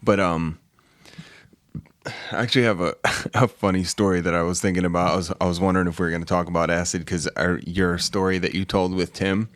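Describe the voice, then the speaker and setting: A man's voice: low voice, steady tone, fairly quick, fairly bright tone, dry recording. A man hosting a casual podcast, telling a story animatedly, acting out quotes and swearing freely. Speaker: podcast host. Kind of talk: casual chat.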